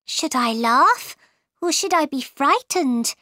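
A woman's voice: sits high, animated, slow pace, pushed and bright, dry recording, clean studio sound, voice pushed up, full character voice. A woman voicing a polite, curious young girl in a storybook reading. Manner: polite, wondering.

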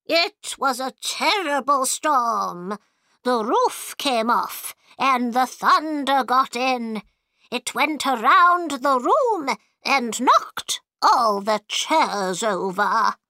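A woman voicing a muddled, fretful old queen in a storybook, with a drawn-out, fussy delivery. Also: sits high, very animated, bright, forceful tone, no echo, pitched above the performer's own voice, full character voice.

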